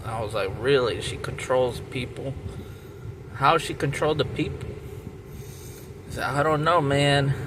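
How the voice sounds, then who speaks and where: A man's voice: medium pitch, fairly even intonation, unhurried, long pauses. A man telling a rambling story in casual talk, restarting and repeating himself with lots of fillers. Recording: loud traffic and outdoor noise.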